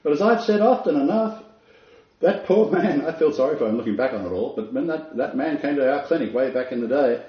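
A man's voice: mid-range voice, lively intonation, brisk. A man preaching a sermon, telling stories dramatically and repeating phrases for emphasis. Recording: roomy, dull lo-fi sound.

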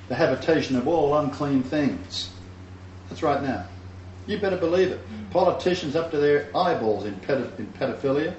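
A man's voice: on the high side, animated, normal speed, darkish tone, a little hiss or hum. A man preaching a sermon, reading scripture and speaking with fervent emphasis and scornful asides. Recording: roomy, distant, dull recording with faint ambience.

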